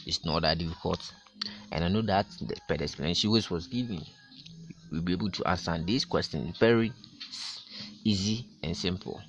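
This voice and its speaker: A male teacher walks his class through a grammar lesson, repeating each example and leaning hard on the key words. His voice sits a little low but sounds bright and forceful. A faint hiss runs underneath. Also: muffled recording. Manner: slow, repetitive explaining with emphatic stress.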